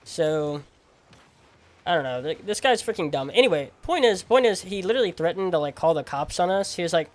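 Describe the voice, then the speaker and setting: A man streaming a game and chatting casually in a rambling, animated, slangy way. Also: on the high side, fairly quick. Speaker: gaming streamer.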